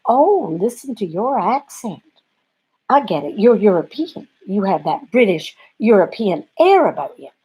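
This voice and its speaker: A man's voice: sits high, big pitch swings, unhurried, a little mellow, breathy edge, exaggerated voice, poor audio. A woman voicing a friendly, wiry Cajun man on a bus who talks politely and keeps saying ma'am. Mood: chatty.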